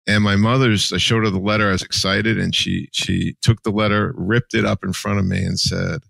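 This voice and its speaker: A man's voice: lowish voice, fairly even intonation, fairly quick, creaky, hardly any pauses, a bit bright, no room sound. A man in his sixties from New Jersey, a podcast guest telling his life story candidly and with emotion. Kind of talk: personal storytelling.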